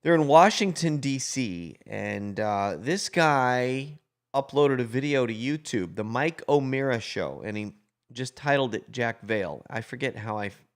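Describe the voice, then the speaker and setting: A man's voice: medium pitch, animated, unhurried. Easygoing middle-aged man rambling on a livestream. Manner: rambling, easygoing, joking asides. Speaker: prankster hosting a livestream. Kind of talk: casual livestream chat, reading viewer comments.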